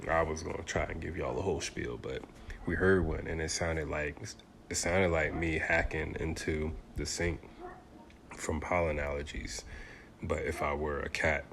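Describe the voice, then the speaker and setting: A man's voice: a bass voice, slight background noise. A man in his thirties talking casually in a vlog, loose and joking with lots of fillers. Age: 30s. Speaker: vlogger.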